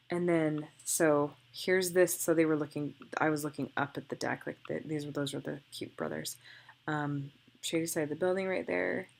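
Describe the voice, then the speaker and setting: A woman's voice: low-pitched, vocal fry. A young woman photographer talking through her photo edits in a chatty, gushing way, thinking aloud as she clicks. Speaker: photographer demonstrating photo editing. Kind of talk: casual screen-recorded tutorial.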